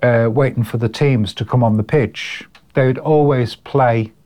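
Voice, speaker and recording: A man's voice: medium pitch, steady tone, a little slow, warm tone. An older man with a Liverpool accent looks back on his years as a working musician. His talk is chatty and rambling, with repeated words and frequent chuckles, in an interview. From Liverpool, England. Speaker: guest musician. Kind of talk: casual interview storytelling.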